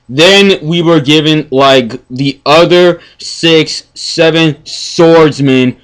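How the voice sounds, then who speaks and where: A man ranting in a casual review, profane and exasperated, stammering and swinging from mumbling to yelling. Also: medium pitch. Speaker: anime reviewer.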